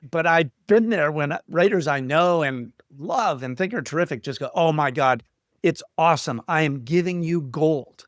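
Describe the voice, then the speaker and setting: A middle-aged man from Canada telling stories as an interview guest, self-deprecating and lively when quoting others. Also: fairly high pitch, normal speed, no echo, clean studio sound. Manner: self-deprecating, animated retelling of quotes. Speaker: guest screenwriter. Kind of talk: casual interview storytelling.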